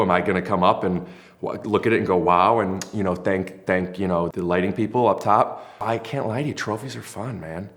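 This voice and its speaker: Rambling man with a low voice. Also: a bit bright. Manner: rambling, self-mocking, lots of fillers. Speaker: podcast host. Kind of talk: casual podcast chat.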